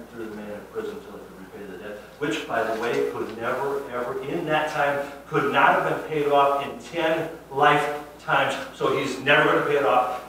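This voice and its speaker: A man preaching a sermon in a conversational and emphatic way, often swinging between quiet asides and loud stresses. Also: distant mic, a little hiss or hum. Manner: conversational and emphatic, with lively swings of pitch and loudness. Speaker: pastor. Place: church sanctuary. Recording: very echoey hall from afar.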